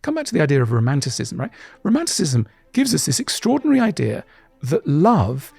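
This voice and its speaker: A middle-aged man talks through his ideas in an interview, his pitch swinging widely as he goes. His voice is husky and a little breathy. Faint music plays underneath. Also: brisk, dry recording. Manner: animated, acts out voices in quotes. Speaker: guest author. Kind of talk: interview answers.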